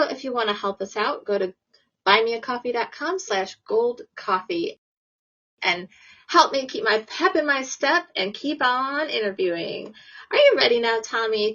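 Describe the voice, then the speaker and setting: A woman's voice: a little high, a bit bright. A woman hosting a podcast interview, upbeat and giggly in casual chat. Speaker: podcast host. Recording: lo-fi dull audio.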